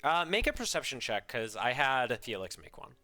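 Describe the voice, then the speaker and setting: A man running a tabletop game as game master, chatty and animated, with many fillers. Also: mid-range voice, moderate pace, soft background music.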